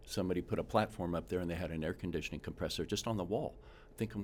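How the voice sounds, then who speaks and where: A man who works as a home inspector, telling animated stories in a casual interview and acting out the people he quotes. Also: low-pitched, rapid-fire, slight background noise. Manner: animated storyteller, acts out quotes, frequent restarts.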